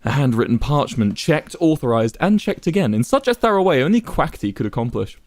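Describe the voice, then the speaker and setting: A man reading a dramatic story aloud with expressive, varied storytelling. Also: medium pitch, brisk, no echo, clean studio sound. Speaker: narrator. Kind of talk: dramatic fan fiction reading.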